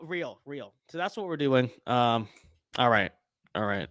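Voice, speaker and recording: A man's voice: medium pitch, normal speed, pushed and bright, dry recording, clean studio sound. A young man streaming a game, giving casual rambling commentary with tongue-in-cheek bragging.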